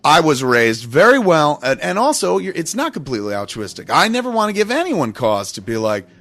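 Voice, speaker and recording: A man's voice: fairly high pitch, wildly swooping pitch, brisk, sharp tone, no room sound. A middle-aged man hosting a podcast, telling a long story in a casual, profane, self-mocking way. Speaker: podcast host.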